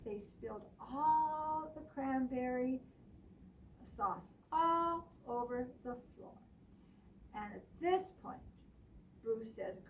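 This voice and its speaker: A woman, a children's librarian, reads picture books aloud in a library with an animated, expressive storytelling manner. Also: sits high. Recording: distant mic with faint room hiss.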